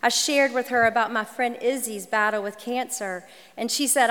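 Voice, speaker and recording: A woman in her forties, a minister and writer, telling a personal story in a gentle, measured, reflective way. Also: on the high side, steady tone. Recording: long hall reverb.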